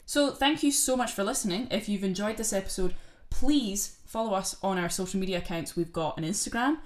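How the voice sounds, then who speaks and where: A woman's voice: mid-range voice, fairly quick. A young woman co-hosting a casual podcast, chatting and swearing as she retells a film with mocking put-on voices. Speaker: podcast co-host. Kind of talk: casual chat.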